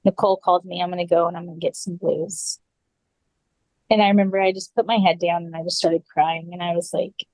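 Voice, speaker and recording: A woman sits as a podcast guest and tells a personal story in a loose, conversational way. Her voice sits low for a woman and sounds dry and close, with no room around it. She leans on "like" and quotes each person's words as she goes. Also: level tone, brisk, darkish tone, no echo, poor audio. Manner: casual, full of "like" and quoted dialogue.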